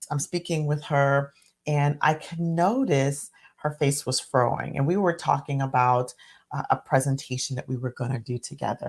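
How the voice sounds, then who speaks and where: A woman hosting a solo podcast, speaking in a reflective teaching tone and repeating phrases for emphasis. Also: deep voice. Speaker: podcast host and physician.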